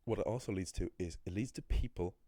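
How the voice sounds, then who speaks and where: A man's voice: low-pitched, fast talker, mellow. A man teaching Irish pronunciation, emphatic and critical as he points out common mistakes. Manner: emphatic, critical, with frequent restarts. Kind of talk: explaining pronunciation to learners.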